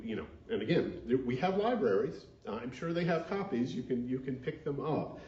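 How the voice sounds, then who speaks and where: Male minister, earnest sermon delivery, mid-pitched, echoey lo-fi sanctuary sound. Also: dark tone. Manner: earnest, leads call-and-response. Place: church sanctuary. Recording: dull echoey sanctuary recording.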